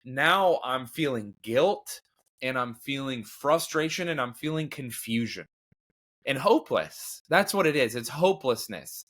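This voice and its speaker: A man's voice: medium pitch, animated, measured pace, a bit bright. A man hosting his own show, talking candidly and a bit ramblingly about grief and faith, self-deprecating, with lots of fillers and restarts. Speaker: podcast host.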